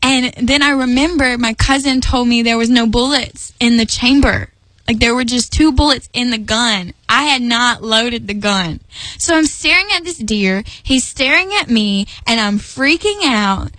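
A woman with a somewhat high voice shares a personal story in a casual, chatty way. She keeps it lively and laughs easily. The sound is dry and close, with no room around it. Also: unhurried, dry recording, poor audio. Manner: lively, chatty, laughs often, acts out her own lines. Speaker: storyteller sharing a faith testimony.

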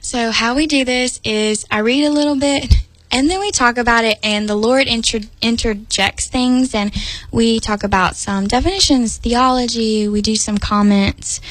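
A giggly, chatty woman hosts a casual Bible study broadcast. Her voice is dry and close, with no room echo. She talks warmly to her audience and often breaks into giggles. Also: on the high side, steady tone, moderate pace. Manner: giggly, chatty, uses "y'all" and "like".

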